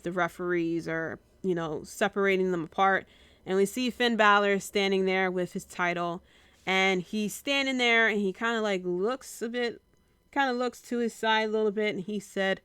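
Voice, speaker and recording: Female podcast host, casual solo recap; very smooth, resonant tone, close and dry, rambling with many "um"s. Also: mid-range voice, fairly bright tone, no room sound. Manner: rambling, with frequent filler pauses.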